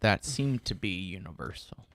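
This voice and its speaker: A man's voice: deep voice, animated, moderate pace, fairly bright tone. A young man hosting a podcast, chatting casually and telling blunt, profane stories. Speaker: podcast host. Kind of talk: casual chat.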